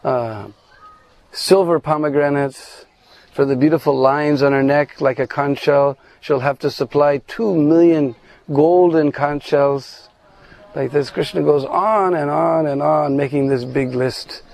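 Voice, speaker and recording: A man telling a devotional story, animated, with many asides and fillers. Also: on the high side, a little slow, vocal fry, poor audio. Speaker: spiritual storyteller.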